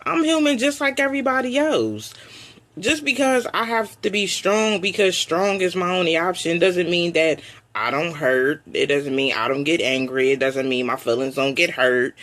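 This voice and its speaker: A woman hosting a live online show, venting her frustration in an emotional, repetitive personal rant. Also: on the low side.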